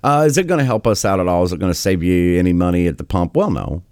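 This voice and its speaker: Male host, deep voice, lively swings, sarcastic riffing, dry close mic. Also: quick pace, dry recording. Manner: sarcastic, exasperated, mocking. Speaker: political commentary host. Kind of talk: casual commentary over clips.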